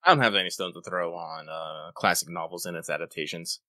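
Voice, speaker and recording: A man's voice: low-pitched, a little fast, bright, forceful tone, dry recording. A man co-hosting a podcast, reading listener mail and chatting casually, swearing and rambling as he goes. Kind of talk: casual chat.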